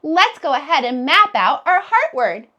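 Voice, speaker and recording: A woman teaching a phonics lesson to preschoolers, sounding out letters slowly in a sing-song way. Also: high voice, sing-song, pushed and bright, dull audio. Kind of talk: phonics lesson for young children.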